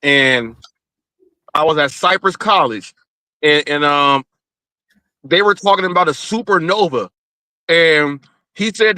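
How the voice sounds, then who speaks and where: A man's voice: high-pitched, steady tone, a little slow, bright, forceful tone, smooth, no echo. A man from Southern California joking around in a slangy, casual chat. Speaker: guest.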